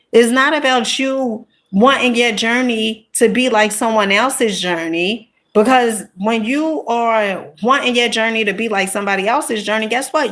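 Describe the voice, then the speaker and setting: A woman content creator telling a personal story in a casual, animated monologue, punctuating it with emphatic asides. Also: on the high side. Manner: animated, emphatic, peppered with "honey" and "okay?".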